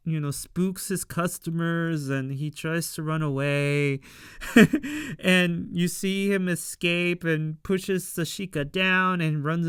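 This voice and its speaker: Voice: mid-range voice, fairly bright tone, clean tone, dry recording, clean studio sound. A show reviewer casually recapping an episode, rambling with frequent fillers and acting out the characters' lines. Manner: rambling with frequent fillers, laughs at own retelling.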